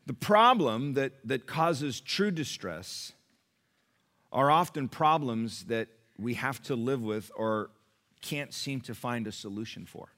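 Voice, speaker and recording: A middle-aged man preaching a sermon to his church, emphatic and swinging from quiet to loud. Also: medium pitch, animated, takes it slowly. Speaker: pastor.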